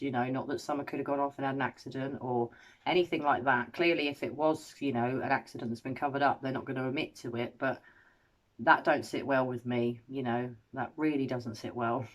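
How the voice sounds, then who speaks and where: A woman hosting an analysis video, paraphrasing recorded quotes and weighing each one in a measured, analytical way. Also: very deep voice. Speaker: host analysing a recorded interview. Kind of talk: scripted commentary.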